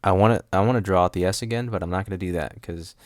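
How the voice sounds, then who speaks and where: A man's voice: deep voice, very fast, no room sound, clean studio sound. A man hosting a solo podcast at a home desk mic, rambling with goofy asides and frequent laughs. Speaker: podcast host. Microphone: studio microphone.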